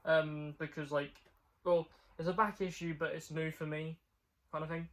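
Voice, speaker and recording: A man's voice: on the high side, level tone, normal speed, fairly bright tone. A young man chatting casually about his comic book haul, rambling with lots of fillers. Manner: rambling, filler-heavy, repeats "like".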